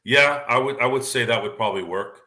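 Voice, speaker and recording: A man's voice: mid-range voice, brisk, bright, forceful tone. A man hosting a casual chat, talking in an opinionated, rambling way with frequent restarts. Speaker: podcast host. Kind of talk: casual sports and movie chat.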